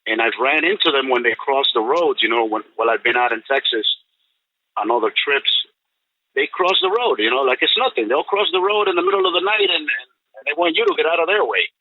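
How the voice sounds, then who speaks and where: A man's voice: mid-range voice, animated, a little fast, no room sound. A man in his seventies, a podcast guest, tells a personal story in a rambling way, full of "you know" and restarts. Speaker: guest recounting an encounter. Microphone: telephone. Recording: tinny dry phone line.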